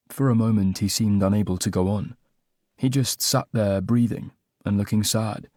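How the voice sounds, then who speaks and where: A man's voice: lowish voice, normal speed, warm tone, no room sound, studio quality. A man narrating a first-person romantic comedy audiobook with a wry, self-mocking comic delivery.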